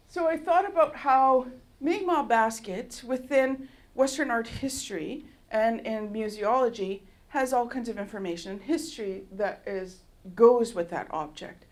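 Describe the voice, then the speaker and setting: A woman artist from Canada giving a public talk in a university lecture hall, telling stories in a lively, storytelling way and often laughing. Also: medium pitch, normal speed. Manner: animated storyteller who laughs often and acts out dialogue.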